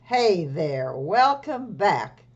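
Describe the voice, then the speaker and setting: A woman's voice: lowish voice, very animated, extremely slow, slightly rough, muffled recording, exaggerated voice. A woman voicing a friendly, welcoming mother in a storybook read-aloud, stretching her words out.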